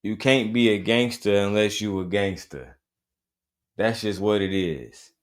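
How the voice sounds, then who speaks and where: Low-voiced man giving blunt commentary. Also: measured pace. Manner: blunt, profane street slang, emphatic repetition. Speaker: commentary show host. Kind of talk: reaction commentary.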